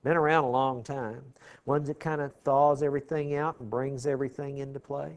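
A man's voice: mid-range voice, little pitch movement, brisk. A man teaching a Bible class verse by verse, explaining word meanings and often checking in with his listeners. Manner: explanatory, asks the class "okay?" often, clears throat.

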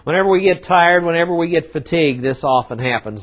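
A man preaching a sermon, emphatic, with dramatic pauses and swings in loudness, acting out quoted prophets in a conversational voice. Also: on the high side, expressive. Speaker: pastor.

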